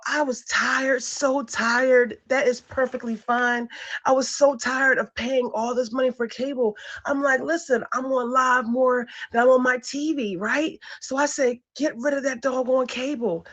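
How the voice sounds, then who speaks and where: A woman's voice: on the high side, dull audio. A woman hosting a casual live stream, chatty and repeating herself as she greets viewers. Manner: chatty, repeats phrases, addresses viewers as y'all.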